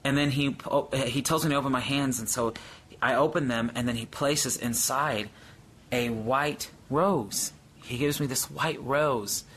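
Brief: male Christian speaker, unhurried, earnest and awed testimony, mid-pitched voice. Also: fairly bright tone, slight background noise. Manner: earnest, awed storytelling with frequent hesitations. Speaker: Christian speaker sharing a vision. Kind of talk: livestream testimony, answering viewers.

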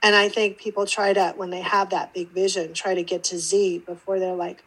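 A woman's voice: medium pitch, moderate pace, husky, poor audio. A woman guest on an interview podcast, telling her story casually and acting out the voices in it. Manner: animated, acts out quoted dialogue. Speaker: podcast guest, intuitive teacher.

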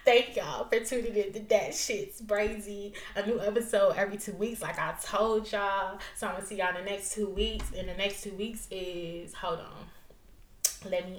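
A woman's voice: mid-range voice, slight background noise. Rambling, profane young woman podcaster. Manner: loose, profane, rambling, quick to laugh. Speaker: podcast host. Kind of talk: casual solo podcast chat. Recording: roomy echo.

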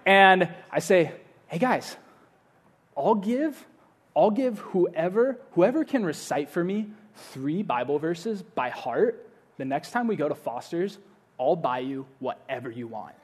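A young adult man preaching a sermon, telling a story in a casual, animated and playful way. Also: sits high, takes it slowly, breathy edge. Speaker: pastor.

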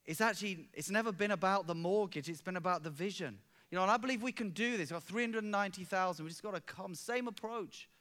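A man preaching from the pulpit in a high, ringing voice. His delivery is fervent and storytelling. He drops to a hush and then rises to exclamations. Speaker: pastor. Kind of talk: sermon.

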